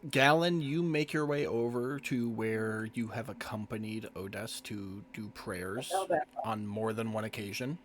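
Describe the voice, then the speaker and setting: Calm man running a tabletop game. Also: lowish voice, a little slow, noisy background. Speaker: game master.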